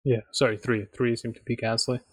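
A man's voice: medium pitch, level tone, brisk, husky, no room sound, clean studio sound. A man co-hosting a casual racing podcast, laid-back, laughing easily and chiming in with short replies. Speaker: podcast co-host. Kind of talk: casual chat.

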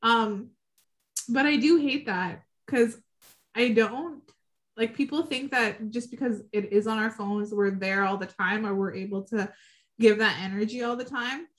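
A woman's voice: fairly high pitch, measured pace. A woman in her thirties co-hosting a podcast, chatting frankly and casually and swearing now and then. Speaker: podcast co-host. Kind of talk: casual chat.

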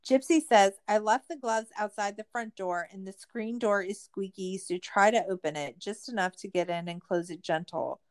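Speaking at a moderate pace with few pauses, a female podcast host runs through a true-crime documentary in casual conversation. She swears, gets sarcastic, fills her speech with "like," and goes high-pitched when exasperated.

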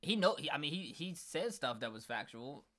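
A podcast co-host at mid pitch in relaxed conversation about a film. The speech is halting, with frequent restarts and fillers while recalling scenes. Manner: conversational, halting, searches for words. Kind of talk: casual chat reviewing a film.

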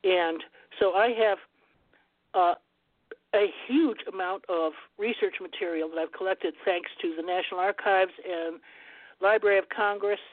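A woman speaks as a guest on a phone-in radio show, rambling and digressive, and she signs off each turn with "over". Her voice comes through a tinny phone line. The sound is dry, with no room echo. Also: mid-range voice. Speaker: guest rune scholar.

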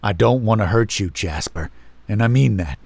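A man's voice: lowish voice, moderate pace, vocal fry, no echo. A man doing a cold, sneering older brother. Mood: flat. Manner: cold, flat and mocking.

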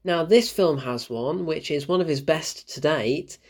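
A young man hosting his own show, giving a casual film review with animated, exasperated asides and frequent laughter. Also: fairly high pitch, a little slow, slightly rough.

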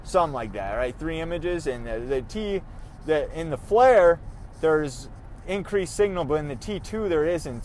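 A man's voice: on the high side, a little mellow, slight background noise. A young man hosting his own podcast, talking casually in a rambling, self-deprecating way with easy swearing. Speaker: podcast host. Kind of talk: casual solo podcast monologue.

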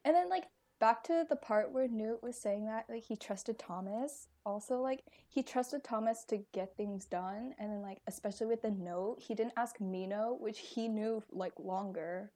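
A woman's voice: a little high, normal speed, few pauses, mellow. A young American woman in casual chat about books, gushing with lots of fillers. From United States. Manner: gushing, many fillers and laughs.

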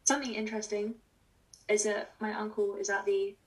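This is a young woman co-hosting a casual podcast. She rambles and jokes, laughing every so often. Her voice sits at a middling pitch and sounds a little distant from the mic. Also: little pitch movement, brisk. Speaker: podcast co-host. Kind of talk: casual chat.

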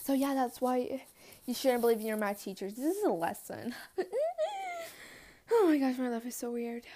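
A teenage girl telling casual storytime anecdotes, chatty and quick to swear and laugh, with lots of "like". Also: on the high side, expressive, mellow. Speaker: vlogger.

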